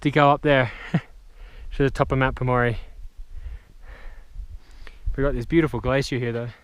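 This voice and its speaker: A young man narrating a travel vlog outdoors on a high mountain trail, upbeat and joking, short of breath from climbing, on a handheld camera mic. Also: fairly even intonation, normal speed, clear, resonant tone, dry recording. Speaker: travel vlogger.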